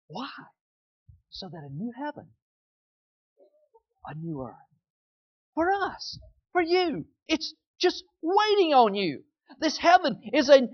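A preacher delivering a sermon, emphatic and folksy, chuckling and leading the crowd to repeat lines. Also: medium pitch. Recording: dull, lo-fi sound.

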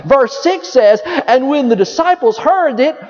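A man preaching a sermon as pastor, folksy and animated, with chuckles and asides to the congregation. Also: extremely high pitch, a little slow. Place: church sanctuary. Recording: dull sound in a large reverberant hall.

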